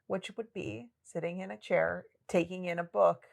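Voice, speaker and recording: A woman co-hosting a podcast, chatting about a novel in a relaxed, digressive way and laughing often. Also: lowish voice, normal speed, gravelly. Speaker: podcast co-host. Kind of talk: casual book discussion.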